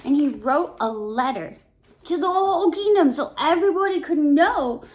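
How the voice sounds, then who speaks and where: A woman teaching Sunday school, telling a Bible story to children in an animated, playful way. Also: high voice, normal speed.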